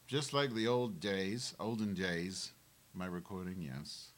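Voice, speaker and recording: A man's voice: sits low, measured pace. A man hosting a live webcam show from home on a wireless mic, rambling profanely with abrupt outbursts as he moves around his kitchen. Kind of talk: rambling live-stream monologue.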